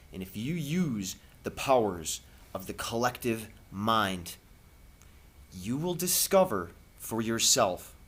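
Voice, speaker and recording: In a lowish voice, a vlogger preaches an impassioned spiritual message straight to camera. He's earnest and preachy, leaving long, dramatic silences between thoughts.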